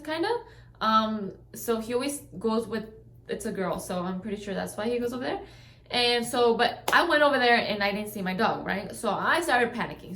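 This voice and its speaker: A woman's voice: on the high side, fairly bright tone. A woman vlogger telling a rambling story at home in a casual, chatty way, often checking in with her listeners. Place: at home in a trailer. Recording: roomy echo.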